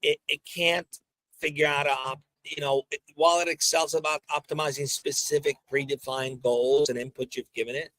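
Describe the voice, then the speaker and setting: A man's voice: a little high, little pitch movement, moderate pace, a bit bright, no echo, rough recording. A man co-hosting a podcast, explaining his points by recounting a conversation step by step. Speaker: podcast co-host. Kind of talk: casual discussion.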